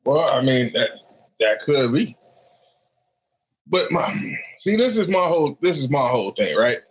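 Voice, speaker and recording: A man's voice: medium pitch, sing-song, unhurried, breathy edge, muffled recording. A man co-hosting a casual podcast chat, speaking in a blunt, matter-of-fact way. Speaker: podcast co-host.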